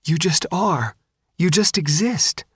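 A man's voice: a little high, lively intonation, slow pace, breathy edge, no echo, clean studio sound, voice pushed up, exaggerated voice. A man narrating an audiobook, voicing a naive, dreamy teenage girl in a raised voice. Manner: wistful, pleading, then bitter.

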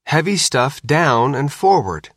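A man's voice: medium pitch, very animated, moderate pace, fairly bright tone, no echo, studio quality. A man voicing a teenage girl who is cool, bossy and sweetly needling. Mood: bossy teasing. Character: teenage girl, sharp-shooting, cool and teasing.

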